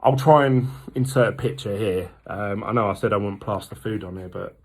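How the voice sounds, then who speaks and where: A man's voice: fairly low pitch, moderate pace. A man, talking candidly and rambling in a casual vlog with lots of ums. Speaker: vlogger. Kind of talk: casual diet vlog talk.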